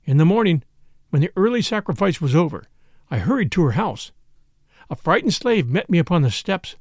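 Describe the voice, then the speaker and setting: Gravelly male narrator, lively and grave, close dry studio read. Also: a little high, dry recording. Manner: grave, impassioned storytelling. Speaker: audiobook narrator. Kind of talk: dramatic first-person narration.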